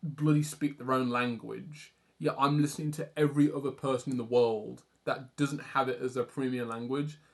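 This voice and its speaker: A young Englishman rambles through a casual drawing livestream, self-deprecating and dropping the odd swear word. His voice sits at an ordinary middle pitch, and his English accent comes through plainly. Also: steady tone, normal speed, vocal fry, hardly any pauses. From England. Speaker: art streamer.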